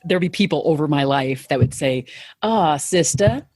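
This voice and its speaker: A woman's voice: very deep voice, brisk, darkish tone, slightly rough, no room sound. Earnest woman guest on a dry mic. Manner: reflective, earnest, with hedging fillers. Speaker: podcast guest. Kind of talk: casual interview conversation.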